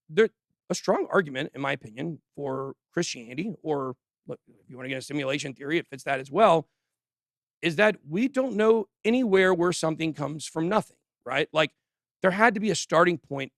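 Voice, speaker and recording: A man hosting a crypto livestream in a studio. He does casual commentary in an animated, joking way and talks straight to his viewers. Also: fairly high pitch, normal speed, vocal fry, no room sound. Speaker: crypto channel host.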